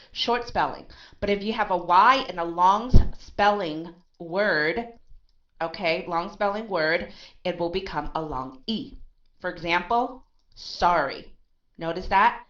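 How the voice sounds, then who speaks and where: A woman gives an unhurried pronunciation lesson, recorded online, in a lowish voice with a bit of brightness. Her method is step-by-step explanation, phrases capped with "okay," and questions she answers herself. The recording is lo-fi with a dull sound.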